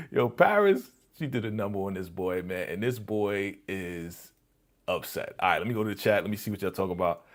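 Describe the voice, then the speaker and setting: Laid-back low-voiced man streaming. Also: animated, brisk. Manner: laid-back, repetitive fillers. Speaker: live-stream show host. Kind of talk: live TV reaction commentary.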